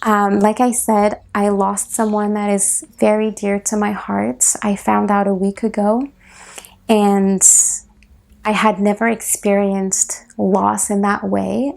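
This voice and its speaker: Breathy-edged gravelly woman, slow and heartfelt. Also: mid-range voice. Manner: soft, reflective, slow and heartfelt. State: close to tears. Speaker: podcast host. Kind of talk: personal solo podcast.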